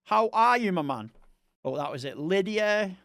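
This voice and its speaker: Young East Scottish male streamer, rambling casual chat, smooth resonant voice. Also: sits high, animated, moderate pace, a bit bright, no echo, clean studio sound. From Scotland. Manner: chatty and rambling, talks to chat viewers.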